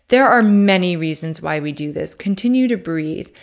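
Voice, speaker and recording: A woman podcast host and coach leading a guided breathing meditation, talking softly and calmly and counting breaths aloud. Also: lowish voice. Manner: slow, soft and calm, counting breaths aloud.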